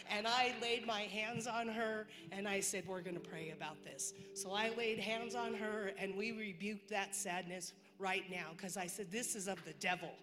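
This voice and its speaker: A woman's voice: mid-range voice, a little slow, over music. Chatty woman testifying in a reverberant hall. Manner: chatty storytelling, quoting herself and others. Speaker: church member giving testimony. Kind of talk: personal testimony. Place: church hall.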